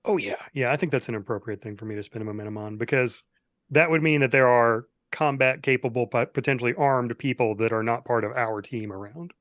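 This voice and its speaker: A man's voice: mid-range voice, a little fast, fairly bright tone, no room sound. Man playing a tabletop game, dry sound. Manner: playful, slips into a mock French accent. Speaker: player.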